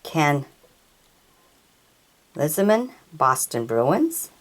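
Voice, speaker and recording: A woman reading out players and teams from her trading card collection, sounding each name out haltingly and tripping over hard ones. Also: low-pitched, sing-song. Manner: reads names haltingly, stumbles on pronunciations. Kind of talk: slow read-out of trading cards.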